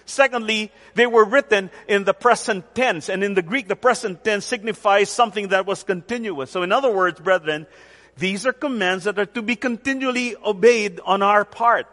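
A man preaching a sermon as pastor, deliberate and emphatic, repeating key phrases for weight. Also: sits high, fairly bright tone, in a large hall. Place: church center with rain on the roof.

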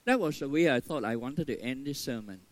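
An older man, a pastor, preaching an earnest sermon, stressing key words and then dropping to a soft, quiet tone. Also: mid-range voice, expressive, brisk, no echo, rough recording.

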